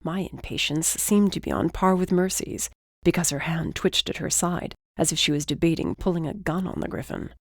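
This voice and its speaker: In a steady, measured reading, a woman narrates a scripted audiobook. Her voice is lowish, and the studio-quality recording has no echo.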